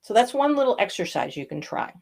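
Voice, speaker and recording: A woman's voice: mid-range voice, sing-song, fast, vocal fry, darkish tone. An older woman, a voice coach, teaching a lesson and demonstrating vocal effects as she explains.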